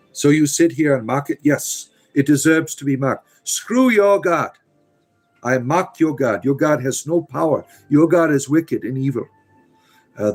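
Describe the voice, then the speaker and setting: A man in casual live chat who turns emphatic and preachy, his speech dotted with "uh" fillers. He talks in a theatrical, storyteller-like accent of his own making, at an everyday pitch. Faint music plays behind him. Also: darkish tone, low-quality recording. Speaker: livestream host answering chat.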